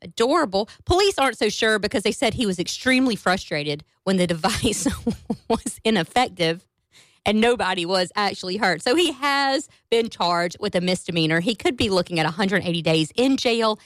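A woman radio host telling a story in a casual, animated and amused way from a studio. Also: mid-range voice, normal speed, no room sound.

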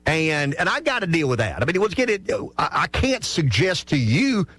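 A man's voice: on the high side, big pitch swings, normal speed, fairly bright tone. A middle-aged man from South Carolina with a Southern accent, hosting a call-in radio show in a frank, folksy way, often restarting his sentences. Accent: Southern American. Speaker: radio talk show host. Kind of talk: opinionated call-in radio monologue. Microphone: studio microphone.

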